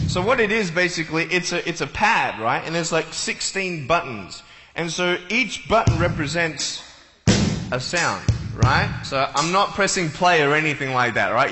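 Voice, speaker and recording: Male speaker on stage, high and very bright voice, playful comic storyteller, long hall reverb. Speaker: motivational speaker. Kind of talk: comic talk to a live audience. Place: large hall with an audience.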